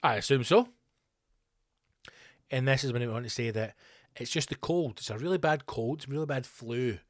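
A man's voice: mid-range voice, quick pace, no echo, clean studio sound. A male comedian telling a rambling, profane comic story as a podcast host.

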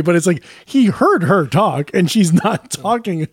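A man's voice: sits high, expressive, measured pace, breathy edge, no echo. Amused male co-host, dry close sound. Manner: amused, riffing, laughs mid-sentence. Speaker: podcast co-host. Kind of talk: casual comedic chat.

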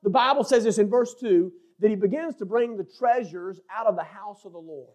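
A man preaching a sermon as pastor, building to shouted emphasis and dropping into joking asides. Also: high-pitched, a little fast.

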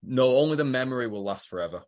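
A British man in the co-host's seat, speaking at an ordinary middle pitch. He chips in with dry one-liners and laid-back corrections while the recap rolls on. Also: expressive, quick pace. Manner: dry quips, wry corrections. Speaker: podcast co-host. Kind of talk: casual recap chat.

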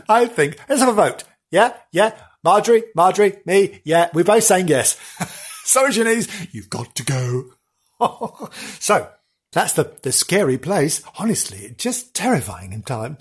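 A man's voice: fairly high pitch, sing-song, measured pace, slightly rough. A man hosting a comic podcast, telling spooky tales in a theatrical, teasing way with playful asides. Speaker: podcast host.

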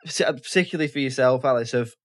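A man's voice: mid-range voice, very fast. Chatty man hosting a film chat. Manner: chatty, self-interrupting, with frequent restarts. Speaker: podcast host. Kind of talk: casual film discussion.

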